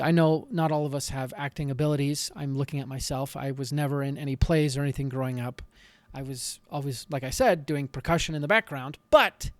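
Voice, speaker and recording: A man hosting a podcast, giving earnest, animated advice in a solo talk with frequent restarts. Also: a little high, dry recording. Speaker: podcast host.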